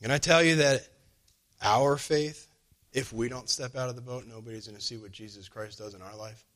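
A man delivers a sermon in a relaxed, conversational voice of middle pitch at normal speed. He slows down to stress key lines, and when he quotes people in his stories he acts out their words with lively upward jumps in pitch.

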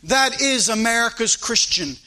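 A man preaching an impassioned sermon, swinging from loud exhortation to hushed pleading. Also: very high voice, lively intonation, measured pace. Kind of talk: fiery sermon.

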